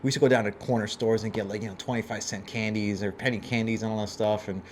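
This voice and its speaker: New guy on a car podcast, animated storyteller, faint room hum behind. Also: fairly low pitch, quick pace. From New York. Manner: animated storyteller who acts out quotes. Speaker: guest, car club organizer. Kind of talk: casual podcast chat.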